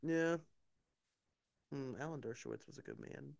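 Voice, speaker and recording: A man's voice: medium pitch, wildly swooping pitch, moderate pace, gravelly, no echo. Man co-host telling rambling stories. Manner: rambling, anecdotal, trails off. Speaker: podcast co-host. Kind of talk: casual chat.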